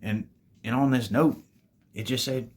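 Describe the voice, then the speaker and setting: A man's voice: medium pitch, fairly even intonation, a little slow, a little mellow. A man casually telling a storytime tale to his viewers, laid-back and full of swearing, calling them babies. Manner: profane, laid-back, calls listeners "babies".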